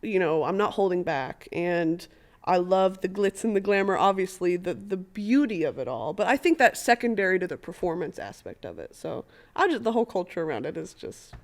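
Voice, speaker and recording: A young woman in her twenties, a podcast guest chatting casually, bubbly and prone to loud bursts of laughter and free swearing. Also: fairly low pitch, sing-song, fairly quick. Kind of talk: casual interview chat.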